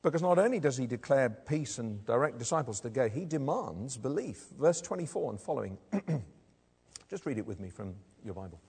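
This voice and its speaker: Gravelly preacher with a lively pitch. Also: male voice, normal speed. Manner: conversational, asks the congregation rhetorical questions. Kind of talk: sermon. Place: church. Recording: long reverb of a large hall.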